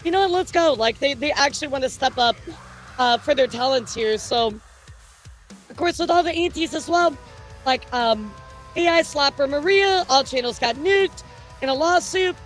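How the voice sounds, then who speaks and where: A woman's voice: sits high, normal speed, soft background music. A woman hosting a casual news stream, talking to her chat in a rambling, jokey way with many fillers and restarts.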